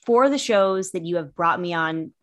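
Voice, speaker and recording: A woman's voice: fairly low pitch, animated, normal speed. A woman guesting on a podcast in casual chat, self-deprecating, giggly and rambling.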